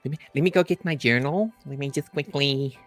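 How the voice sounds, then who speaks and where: South African man, mid-range voice, playful stream co-host who stumbles and repeats words, soft music underneath. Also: mid-range voice, a little fast. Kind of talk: casual banter on a live stream.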